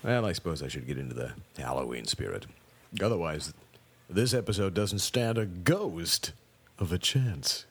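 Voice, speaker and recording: A man's voice: low-pitched, slightly rough. A middle-aged man hosting a radio show, talking in a dry, wordy way full of wry humor and bad puns. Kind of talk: scripted comic radio monologue.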